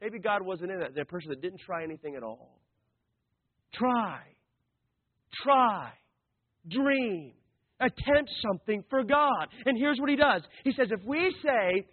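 A man preaching a sermon, animated, acting out the voices of the story he tells. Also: very high-pitched, unhurried. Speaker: pastor. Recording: tinny phone-like recording.

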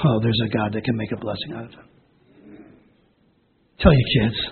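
A man preaching a sermon, emotional and repetitive, with a hoarse, rough voice. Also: on the low side, steady tone, normal speed, phone-quality sound, a little hiss or hum. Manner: emotional, repetitive, rising to shouted calls.

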